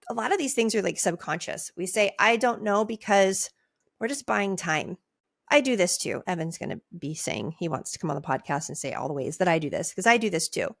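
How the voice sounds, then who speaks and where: A middle-aged woman hosting a coaching podcast, talking conversationally and acting out client replies in a higher voice. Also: vocal fry, dry recording. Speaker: podcast host and nurse life coach. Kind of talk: casual podcast teaching. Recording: dry close mic.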